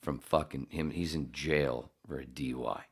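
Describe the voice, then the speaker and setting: A man's voice: rumbling low, steady tone, moderate pace, husky. A middle-aged man hosting a podcast, telling a rambling, profane story with frequent laughs. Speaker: podcast host. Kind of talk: casual storytelling.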